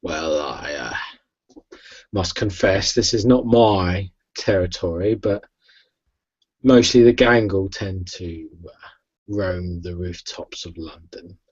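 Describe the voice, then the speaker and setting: Man voicing a low, gruff vampire brawler for an online tabletop game, lo-fi call audio. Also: slow pace, full character voice. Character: brawling male vampire, proud and blunt. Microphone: video call.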